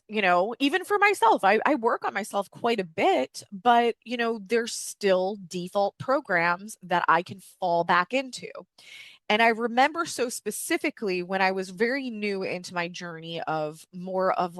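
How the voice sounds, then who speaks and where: A woman's voice: medium pitch, fairly bright tone, no echo. A woman hosting a personal-growth podcast from home, talking candidly with frequent fillers and casual swearing. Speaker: podcast host. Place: home with dogs.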